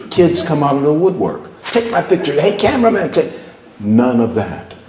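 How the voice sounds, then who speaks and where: A man's voice: lowish voice, gravelly, a little mellow. An older man, a veteran TV journalist, telling stories to a live audience in a chatty way, often repeating words as he starts a thought. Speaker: veteran TV journalist, guest speaker. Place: hall with an audience. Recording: echoey room, faint noise.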